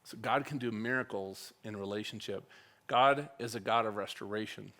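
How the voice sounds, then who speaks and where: Animated middle-aged man telling a church story. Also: on the low side, normal speed. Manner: animated, acts out dialogue with wide swings in loudness. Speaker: church speaker.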